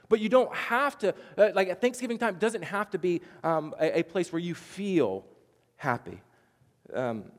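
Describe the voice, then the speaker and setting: An earnest man preaches a sermon, his voice a bit higher than most men's. He often restarts and sometimes drops to a hush. A long reverb trails behind him in a large hall. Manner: earnest, with many restarts and sudden hushed drops. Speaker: pastor.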